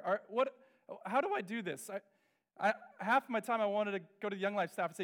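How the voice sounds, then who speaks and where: A middle-aged man delivers a storytelling sermon. His voice sits high for a man, and he slips into the voices of the people in his story as he tells it. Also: a little fast. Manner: animated, acts out quoted voices. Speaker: pastor.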